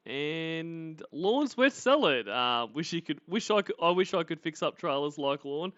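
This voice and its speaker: An Australian man hosts a livestream of casual commentary, rambling, mocking and swearing freely. His voice is a little high and a bit bright at a moderate pace, and the audio is dry and slightly muffled with no room sound.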